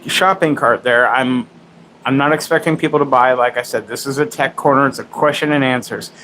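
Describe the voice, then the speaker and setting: A man in his forties talks through gear on a live stream in a loose, rambling way, pausing with fillers. There is a faint hiss of noise in the background. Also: mid-range voice, fairly even intonation, pushed and bright, low-quality recording. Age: 40s. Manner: loose, rambling, swears casually. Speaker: tech livestream host. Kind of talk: casual livestream chat.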